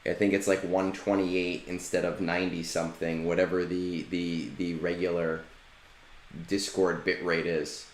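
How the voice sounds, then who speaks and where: A man's voice: sits low, level tone, normal speed, reverberant, a little hiss or hum. A man streaming a game and chatting casually with viewers, loose in manner and swearing freely. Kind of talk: casual live-stream chat.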